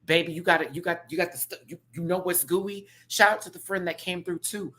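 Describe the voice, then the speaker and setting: A man hosting a casual live-stream review, ranting to his viewers in a sassy, slangy, animated way that swings between loud bursts and soft asides. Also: sits high, a little fast. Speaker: show review host.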